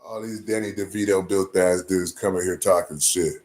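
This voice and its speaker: A man's voice: sits low, fairly even intonation, normal speed, a little mellow, slight background noise. A man doing rambling livestream banter, crude and trash-talking, answering his chat. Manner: sings off-key bursts of a ballad.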